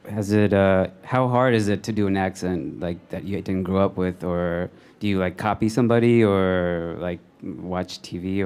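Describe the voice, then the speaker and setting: A man in the audience asking a question at a public Q&A, halting and rephrasing as he goes. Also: sits low, darkish tone, clean tone.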